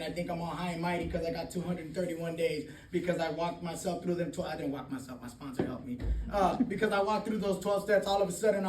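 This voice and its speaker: A man with a high voice gives a blunt, candid talk at a recovery meeting, swearing freely and laughing often. He is recorded from a distance in an echoey room, with faint noise behind him. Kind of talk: personal testimony talk.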